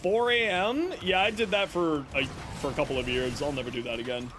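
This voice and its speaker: A man's voice: a little high, steady tone, brisk, noisy background. A man streaming a game live, chatting casually and jokingly with his viewers. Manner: chatty, joking, talks to chat and his cat. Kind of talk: casual livestream chat while gaming.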